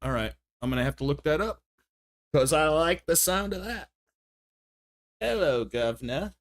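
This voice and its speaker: A man's voice: fairly high pitch, lively intonation, normal speed, a bit bright. A man giving casual commentary while streaming a game, chatty and thinking aloud, often laughing at himself. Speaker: livestreamer.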